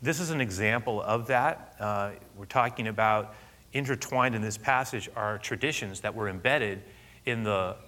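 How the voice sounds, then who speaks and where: Bright-voiced male pastor telling a story. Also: on the low side. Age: middle-aged. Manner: animated storyteller, laughing and loud at punchlines. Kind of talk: sermon with personal story.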